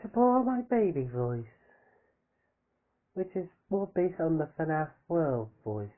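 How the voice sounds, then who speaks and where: A man's voice: fairly high pitch, big pitch swings, takes it slowly, pauses often. A man reads a fan story aloud, his voice rising and falling a lot as he goes. He trips over words, backs up to fix them, and breaks off to chat about his reading. The sound is thin and phone-like. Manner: stumbling reading, rereads his slips. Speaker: reader of a fan book. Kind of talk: casual read-aloud with asides.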